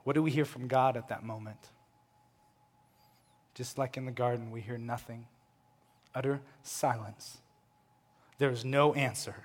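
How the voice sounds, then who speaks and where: A man preaching a sermon, swinging between loud, impassioned proclamation and hushed, quiet lines. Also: medium pitch, fairly even intonation, unhurried, pauses often. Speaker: pastor. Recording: long hall reverb.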